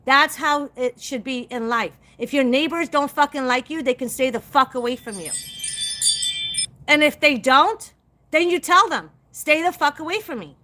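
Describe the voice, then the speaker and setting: Blunt, profane woman with a bright, high voice. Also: moderate pace. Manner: blunt, profane, emphatic, addresses viewers directly. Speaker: psychic livestream host. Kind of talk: live stream rant to viewers.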